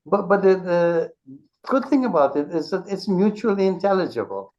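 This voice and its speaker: Man explaining in measured tones. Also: high voice, big pitch swings, darkish tone. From Caribbean. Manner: measured, explanatory, with frequent restarts. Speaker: author and interview guest. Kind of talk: conversational interview. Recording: dull lo-fi interview audio.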